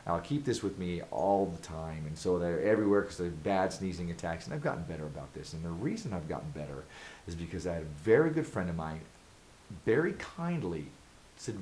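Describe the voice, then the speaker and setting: A man with a notably deep voice talks straight to his viewers in an advice vlog. He is earnest and emphatic, circling back again and again to the same pointed questions. A faint hiss sits under the recording. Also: sing-song, brisk, a little mellow, poor audio. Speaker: vlogger giving advice. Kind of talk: direct-to-camera advice monologue.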